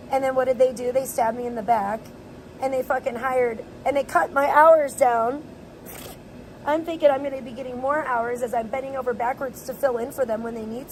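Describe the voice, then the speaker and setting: A woman with a somewhat high, slightly mellow voice rambles and vents on a casual IRL livestream, using lots of fillers. She starts outdoors and heads inside her home. The audio is poor, with a faint hiss or hum.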